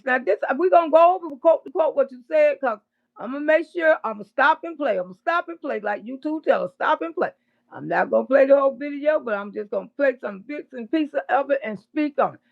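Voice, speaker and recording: A woman doing casual livestream commentary, blunt and profane, with loud bursts of laughter. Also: high-pitched, vocal fry, dull audio.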